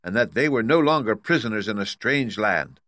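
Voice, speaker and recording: A man narrating a children's storybook in a steady, even reading. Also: on the low side, moderate pace, no room sound.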